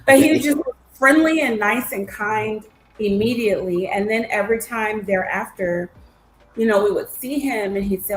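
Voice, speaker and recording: A woman, a guest in an interview, telling travel stories in a lively way with frequent laughter. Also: medium pitch, moderate pace. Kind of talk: casual storytelling. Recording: echoey room, faint noise.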